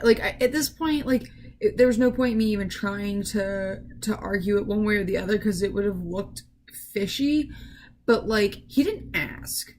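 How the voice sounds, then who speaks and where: A woman's voice: mid-range voice, measured pace, poor audio. A woman contestant talking in a confessional, chatty and full of fillers. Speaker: online game contestant.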